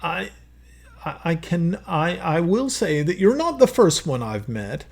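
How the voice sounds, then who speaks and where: Rambling, stammering king, genial, slow-talking, gravelly; man doing the voice. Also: fairly high pitch, very animated, pitched above the performer's own voice, exaggerated voice. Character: genial chatty human king, older man.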